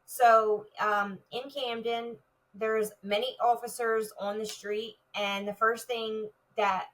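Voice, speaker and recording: Bright-voiced woman telling her story. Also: fairly high pitch, flat delivery, slow, recorded from a distance, low-quality recording. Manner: vivid retelling with many "like" fillers. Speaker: retired police officer, guest. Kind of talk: personal story in an interview.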